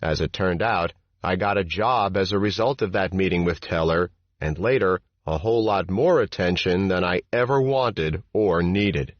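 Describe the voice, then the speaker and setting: A man narrating an audiobook memoir in the first person, with measured, steady storytelling. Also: low voice, no room sound. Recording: dull, dry audiobook recording.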